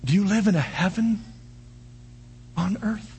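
An older man preaching a sermon, firing off rhetorical questions and breaking into animated shouts. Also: sits high, a little slow, gravelly, husky. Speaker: pastor.

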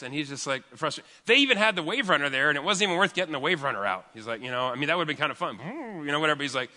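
Fast, bright-voiced pastor in a reverberant hall. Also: male voice, on the high side. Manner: animated, chatty storytelling with fillers. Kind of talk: storytelling sermon.

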